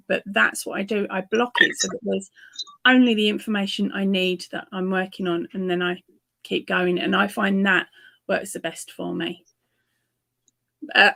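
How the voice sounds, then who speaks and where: A woman's voice: medium pitch, creaky, bright, forceful tone, no room sound. A woman chatting on a crochet livestream, friendly and explaining things step by step. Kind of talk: casual crochet livestream chat.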